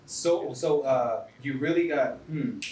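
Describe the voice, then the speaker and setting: A man hosting a casual podcast interview, asking questions and cheering his guest on with quick agreeing interjections. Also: mid-range voice, warm tone, echoey room, recorded from a distance, a little hiss or hum. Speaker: podcast host.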